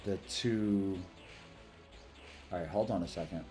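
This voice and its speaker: A low-voiced man chats loosely through a game stream, drifting from topic to topic in a rambling, friendly way. Faint music plays underneath his talk. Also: dark tone. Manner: rambling, chatty, quick to thank followers. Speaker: livestreamer. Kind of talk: casual live stream chat while gaming.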